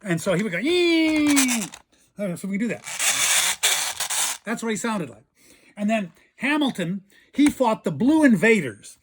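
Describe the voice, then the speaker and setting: A man's voice: high-pitched, expressive, moderate pace, pauses often, a little hiss or hum. A man hosting a casual show-and-tell about old toys, chatty and enthusiastic. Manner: enthusiastic, chatty, imitates toy sounds. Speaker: toy collector host.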